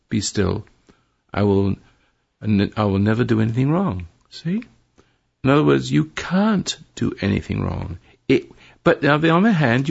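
An older man hosting a call-in radio show, counseling a caller in a rambling, preachy way and correcting himself as he goes. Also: medium pitch. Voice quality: gravelly, husky. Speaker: radio talk show host. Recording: dull lo-fi radio broadcast.

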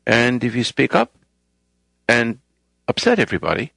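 A man's voice: mid-range voice, huge pitch swings, moderate pace, vocal fry, fairly bright tone, breathy edge, dry recording. A man hosting a talk program, delivering a rambling, moralizing monologue and raising his voice to stress points. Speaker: radio show host.

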